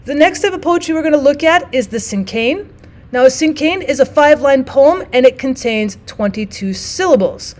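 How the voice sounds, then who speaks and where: Female teacher, fairly high pitch, patient classroom explainer who slows down to read poems. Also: expressive, darkish tone. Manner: explains step by step, reads poems aloud slowly. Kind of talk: classroom lesson.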